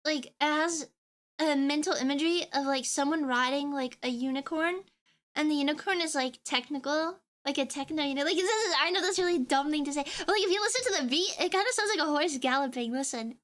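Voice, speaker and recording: A woman's voice: high-pitched, a little fast, a bit bright. A young woman streaming as a VTuber, ranting sarcastically about songs she dislikes and swearing as she reacts. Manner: ranting, sarcastic, swears, hums along mockingly. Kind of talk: casual stream reaction rant. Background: pop music playing.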